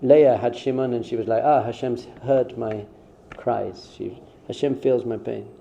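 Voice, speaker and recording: A man's voice: mid-range voice, fairly even intonation, a little slow, gravelly, mellow, slight background noise. A man who is a rabbi, giving a conversational spiritual talk in an informal way and acting out short quoted exchanges. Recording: dull, muffled sound.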